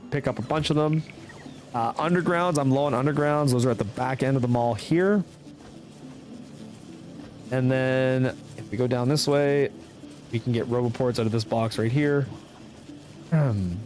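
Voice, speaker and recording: A man's voice: medium pitch, slight background noise. A young man with a Canadian accent, casually explaining his moves as he plays through a live game guide. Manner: casual, explanatory, thinking aloud. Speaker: speedrunner streamer. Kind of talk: live commentary over gameplay.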